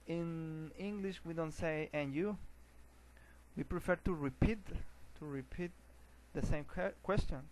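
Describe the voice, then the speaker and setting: Slow, hesitant male teacher. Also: a little high, a little hiss or hum, poor audio. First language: Spanish. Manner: hesitant, repeats words, many fillers. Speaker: English teacher. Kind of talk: recorded English lesson.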